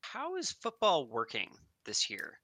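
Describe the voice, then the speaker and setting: A firefighter co-hosting a podcast, talking in an easygoing, rambling way. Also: male voice, fairly high pitch, huge pitch swings, a little slow, pushed and bright. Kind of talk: casual podcast chat. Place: fire lookout tower.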